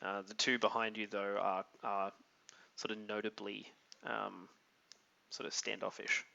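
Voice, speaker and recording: A man narrating a tabletop game as game master, describing scenes in a halting, thoughtful way with many pauses. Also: lowish voice, little pitch movement, gravelly, sharp tone, lo-fi sound.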